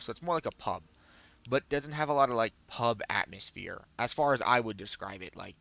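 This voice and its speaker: A man streams a game and chats loosely with his audience, drifting from one story to the next and clearly amused by his own telling. His voice sits at an ordinary middle pitch with a gravelly, rough edge. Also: fairly bright tone, no room sound. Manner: rambling, self-amused storytelling. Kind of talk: casual chat while streaming a game.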